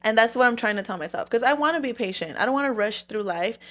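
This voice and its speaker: A woman's voice: a little high, expressive, quick pace, fairly bright tone. A young woman co-hosting a podcast in casual chat, talking candidly with lots of swearing and filler "like"s. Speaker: podcast co-host.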